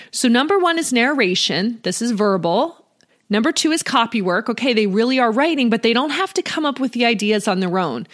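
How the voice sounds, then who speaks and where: Woman podcast host, thirties, friendly explanatory tone, casual instructional talk. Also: on the high side. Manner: friendly, explanatory, uses "you know" and "right?".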